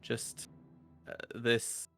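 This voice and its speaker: This tabletop player draws out his words in a sharp tone, describing his character's actions hesitantly and with many fillers during casual play. Faint music can be heard behind him.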